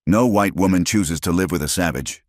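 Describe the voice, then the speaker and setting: A man's voice: sits low, normal speed, darkish tone, no room sound, clean studio sound. A man voicing a hostile frontier townsman who snarls contemptuously at the people he confronts. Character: hostile frontier townsman leading an armed mob.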